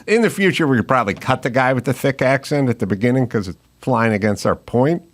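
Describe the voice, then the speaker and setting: A man's voice: mid-range voice, expressive, fast talker. A man hosting a podcast, chatting casually with a dry, wry manner. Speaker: host.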